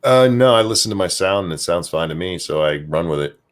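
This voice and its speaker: Deep-voiced man, crude joking banter. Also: lively intonation, brisk. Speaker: podcast host and streamer. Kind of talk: casual chat.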